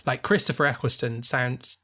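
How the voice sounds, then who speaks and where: A man's voice: medium pitch, normal speed, pushed and bright. Talkative man co-hosting a film chat. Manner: talkative, enthusiastic, explaining at length. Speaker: podcast co-host. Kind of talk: casual film discussion.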